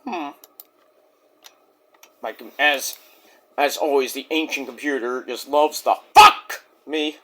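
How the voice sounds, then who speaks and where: A man's voice: medium pitch, slow pace, long pauses, noisy background. A man casually reviewing a wrestling show in a rambling, jokey, profane way.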